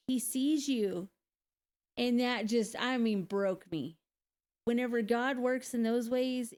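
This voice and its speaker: Candid single mom, higher voice. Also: female voice, a little mellow. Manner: candid, conversational, laughs often, many fillers. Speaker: single mother sharing her story. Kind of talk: casual personal testimony.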